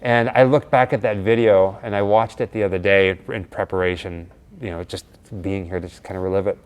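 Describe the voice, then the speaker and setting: Animated man telling a story. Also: sits low, a little fast, clear, resonant tone. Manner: animated, acts out quoted dialogue. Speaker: co-host of a horror vlog. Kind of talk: casual storytelling chat.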